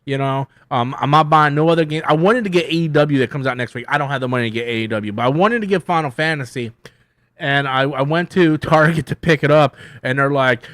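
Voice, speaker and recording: A man hosting a casual livestream, rambling loosely with lots of swearing and self-mockery, swinging between loud bursts and mumbled asides. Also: a little high, lively intonation, brisk, no room sound. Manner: loose, profane, self-mocking, riffs and hums to himself. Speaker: YouTube host answering viewer questions.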